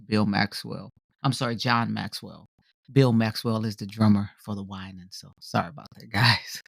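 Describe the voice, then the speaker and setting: A man co-hosting a podcast in casual talk, animated and filler-heavy, tagging his points with "right?". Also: medium pitch, creaky, no room sound, clean studio sound. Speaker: podcast co-host.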